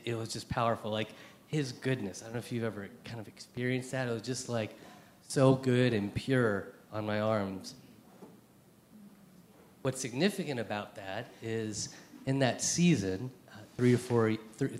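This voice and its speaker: A young man giving a personal testimony to a church group, halting, with many fillers and restarts. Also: mid-range voice, a little mellow. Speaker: church speaker sharing testimony. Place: Seattle area.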